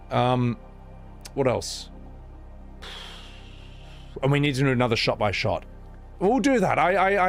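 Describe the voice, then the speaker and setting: A man, casually chatting on a live stream and reacting with exclamations and stammering restarts. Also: medium pitch.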